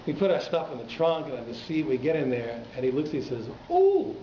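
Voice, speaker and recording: A rabbi teaching a class at a community synagogue, telling stories animatedly and repeating words for emphasis. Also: male voice, medium pitch, quick pace. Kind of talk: storytelling lecture. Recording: echoey, dull hall recording with faint noise.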